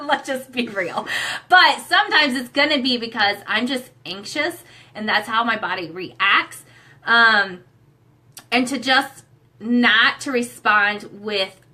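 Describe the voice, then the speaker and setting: A young adult woman with a bright, forceful voice speaks in a candid conversation with her husband. She sounds earnest and emotional, halting often with fillers as she works through her thoughts. Her pitch stays in an ordinary middle range. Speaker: co-host, sharing her own experience.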